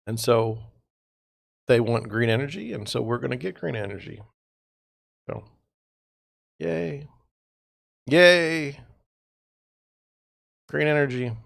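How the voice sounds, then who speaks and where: Gravelly-voiced man ranting with exasperation. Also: medium pitch, no echo, clean studio sound. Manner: rambling, exasperated ranting with sarcastic asides. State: tired, yawning. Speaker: real estate agent hosting a livestream. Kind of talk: casual livestream monologue.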